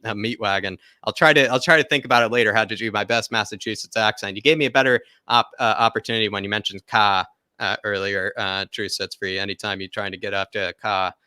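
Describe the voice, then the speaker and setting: A man's voice: on the low side, pushed and bright, no echo, clean studio sound. A man hosting a football live stream, reading viewer comments and rambling casually with fillers and laughs. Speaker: football channel host.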